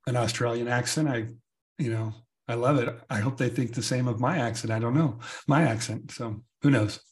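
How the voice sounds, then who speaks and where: A man's voice: medium pitch, moderate pace. An American man hosting an interview podcast, affable, often agreeing and laughing. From United States. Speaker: podcast host. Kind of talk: casual interview chat.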